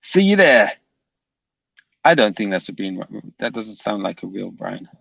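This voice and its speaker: Guy reading his stream chat out loud, gravelly, dry unbothered replies, muffled lo-fi mic. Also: fairly low pitch, fairly even intonation, moderate pace, no echo. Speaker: livestream host.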